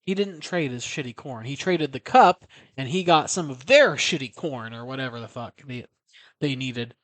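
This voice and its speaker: A man's voice: mid-range voice, lively intonation, moderate pace, fairly bright tone, no echo. A man casually recapping a horror film, rambling, swearing and correcting himself as he goes. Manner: rambling, profane, self-correcting.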